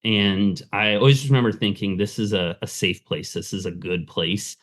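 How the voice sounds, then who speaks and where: Low-voiced man telling his story. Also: steady tone, moderate pace, fairly bright tone. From Southern California. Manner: candid, conversational, many fillers. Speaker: pastor and fundraising consultant, guest. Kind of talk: casual interview storytelling.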